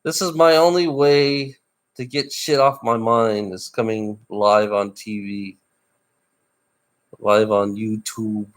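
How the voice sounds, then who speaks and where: A tired middle-aged man livestreaming alone, ranting bitterly and swearing, with rough laughs between complaints. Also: fairly low pitch, steady tone, slow pace. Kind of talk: ranting live stream monologue.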